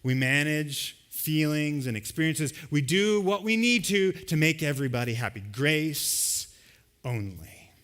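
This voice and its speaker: Sex: man. Role: pastor. Style: conversational sermon. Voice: fairly high and very bright. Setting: church service. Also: big pitch swings, unhurried. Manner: conversational, acts out everyday scenes. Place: church service with a live congregation.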